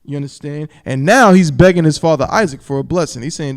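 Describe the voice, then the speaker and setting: Emphatic preaching man, slightly high voice. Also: animated. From New York. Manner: emphatic, repeats "you understand?", stretches key words slowly; reads scripture in a slow, solemn cadence. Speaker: live-stream Bible teacher. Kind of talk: preaching Bible commentary on a live stream.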